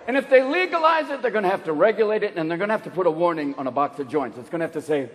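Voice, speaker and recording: A male stand-up comedian performing a crude, animated set and acting out characters, heard through a live club recording. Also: high-pitched, quick pace, few pauses, slight background noise. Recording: live club audio with crowd and reverb. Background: audience laughter and chatter.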